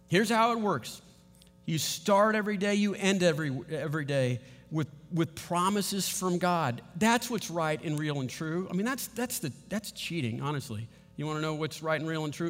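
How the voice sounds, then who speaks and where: Animated high-voiced preacher in a hall. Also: male voice. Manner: animated, acts out scenes, laughs often. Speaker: pastor. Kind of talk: sermon.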